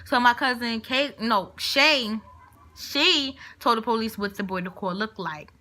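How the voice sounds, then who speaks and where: A woman's voice: a little high, measured pace. A young woman vlogger telling a story in casual, slangy talk, acting out what each person said. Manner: animated, acts out quotes of people in the story. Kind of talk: storytime vlog, casual retelling.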